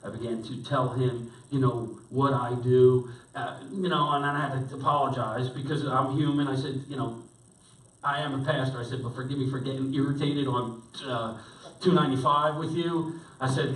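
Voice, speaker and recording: A man's voice: medium pitch, normal speed, a bit bright. A man preaching as a pastor, telling a story in a conversational way with lots of restarts and fillers. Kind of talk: storytelling sermon. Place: church hall. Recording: echoey hall, voice from far off.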